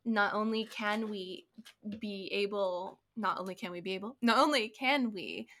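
Gravelly-voiced woman, chatty podcast co-host. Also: mid-range voice, normal speed. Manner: animated storytelling, many "like" fillers. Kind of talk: casual conversation.

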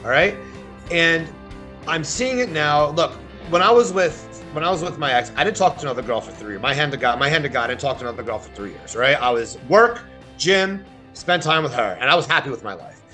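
A man's voice: fairly high pitch, animated, fairly quick, sharp tone, soft background music. A man in his thirties hosting a podcast, talking in a blunt, opinionated way with frequent swearing. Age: 30s. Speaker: podcast host. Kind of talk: casual podcast conversation.

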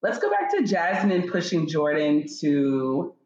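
A woman's voice: deep voice, wildly swooping pitch, unhurried, a little mellow, a little hiss or hum. A woman co-hosting a podcast, reading her notes and points about a reality show in playful casual chat. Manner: reads notes as numbered audit points, playful. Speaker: podcast co-host. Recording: dull, roomy mic after technical difficulties.

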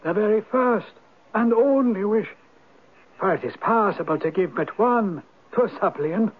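The husky old spirit of the rock. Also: male voice, sits high, lively intonation, measured pace, full character voice. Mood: wise, teasing. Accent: Irish. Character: mysterious old male spirit, a Viking turned Irish. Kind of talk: 1970s radio drama acting. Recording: narrow, tinny old radio broadcast.

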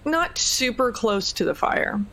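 A woman narrating as game master in a tabletop role-playing game, relaxed and laughing easily. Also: a little high, a little slow, rough recording.

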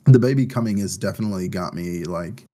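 A man's voice: deep voice, quick pace, mellow. A man co-hosting a podcast in casual chat, talking in a loose, rambling way full of fillers, anxious about his first baby. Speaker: podcast co-host.

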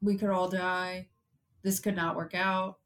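A woman chatting as a guest on a movie podcast, laid-back and quick to laugh. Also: on the low side, level tone. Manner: laid-back, laughs often, short replies. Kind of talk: casual movie review chat.

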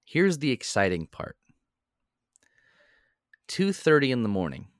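A young man and podcast co-host telling a story in a casual, animated way. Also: unhurried, no echo, clean studio sound. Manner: animated storyteller, jumps into high voices when quoting.

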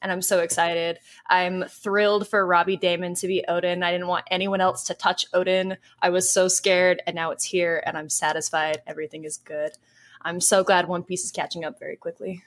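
A woman's voice: fairly low pitch, flat delivery, moderate pace. A young woman co-hosting a podcast, chatting casually and gushing as an eager fan. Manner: enthusiastic, rambling fan talk. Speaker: podcast co-host.

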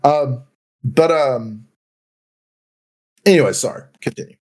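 A man's voice: mid-range voice, takes it slowly, darkish tone. A young man in casual podcast chat, hedging and saying "like" and "right?" often.

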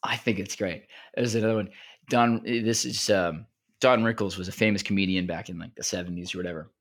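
A man's voice: fairly low pitch, steady tone, brisk. A man co-hosting a podcast, telling jokes in casual chat with lots of fillers and restarts. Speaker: podcast co-host.

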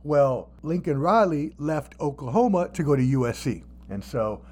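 A man hosting a podcast in casual sports chat, animated and profane, with mocking asides. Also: a little high, moderate pace. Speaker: podcast host.

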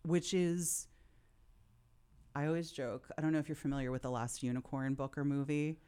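A woman in her forties speaks in a low, dark, clean-toned voice, steady and at normal speed. Appearing as a podcast guest, she candidly recounts childhood memories in a reflective, heartfelt manner, sometimes openly emotional.

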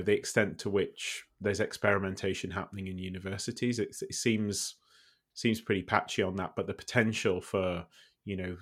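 A man co-hosting a casual podcast discussion who talks hesitantly, with many fillers, and often goes quieter as his thoughts wind down. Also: low voice, slightly rough. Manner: hesitant, heavy on fillers, fading quieter at phrase ends. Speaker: podcast co-host.

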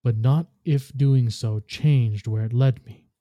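Osiris is a weary, scarred man who keeps his anger under tight control, as read by a man. The voice is very dark and the sound is dry and close. He speaks quietly and in a measured way. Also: medium pitch, dry recording, close to an everyday voice. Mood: somber.

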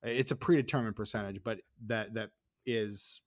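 A man's voice: on the low side, steady tone, normal speed, no room sound, studio quality. A man in a casual podcast chat who explains at length, rambling with many fillers and restarts. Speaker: podcast co-host.

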